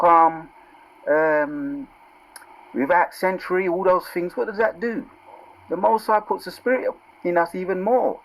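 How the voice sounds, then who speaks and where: A man teaching from scripture in a casual sermon, reading verses out slowly and with force, then dropping into low asides and asking "yeah?" and "right?". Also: fairly bright tone, low-quality recording. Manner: calls out "yeah?" and "right?" to listeners. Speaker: preacher.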